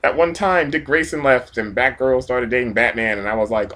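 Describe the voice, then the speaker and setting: A man's voice: medium pitch, a little fast, fairly bright tone. A man rambling through a self-deprecating comic vlog monologue full of jokey asides. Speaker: vlogger.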